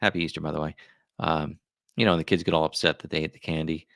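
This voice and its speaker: A middle-aged man with a very low voice hosts a casual live chat. He wanders from thought to thought with frequent asides, and the recording sounds dry and close with no room echo. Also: steady tone, fast, vocal fry, fairly bright tone. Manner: rambling, musing aloud with many asides. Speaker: livestream host.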